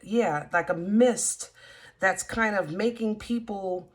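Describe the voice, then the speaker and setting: A woman talks straight to her viewers as she gives a collective tarot reading. Her talk is chatty and emphatic, and she pauses often with fillers. Her pitch sits in the middle for a woman. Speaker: tarot reader. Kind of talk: casual tarot reading to camera.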